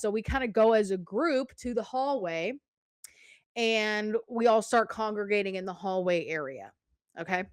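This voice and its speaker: High-voiced woman telling a story, dry close sound. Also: dry recording. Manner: animated, profane, rhetorical "okay?" asides. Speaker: podcast host. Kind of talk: casual storytelling.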